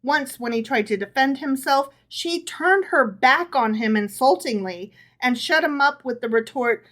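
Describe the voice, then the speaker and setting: A woman's voice: sits high, animated, unhurried, fairly bright tone. A woman podcast co-host reading folk tales aloud to her partner, with casual amused asides.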